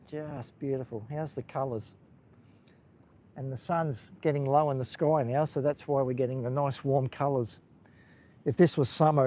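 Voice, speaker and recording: A man's voice: medium pitch, a little mellow. A man with an Australian accent, hosting a casual live stream while walking outdoors along a beach, chatting with viewers in a rambling way and talking into a handheld phone.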